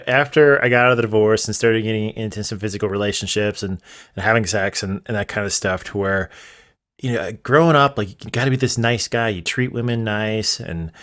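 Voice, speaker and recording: A man's voice: fairly low pitch, fairly bright tone. Forties guy hosting a podcast, chill and reflective, laughs a lot. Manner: casual, reflective, laughs easily. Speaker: podcast host. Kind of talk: podcast interview.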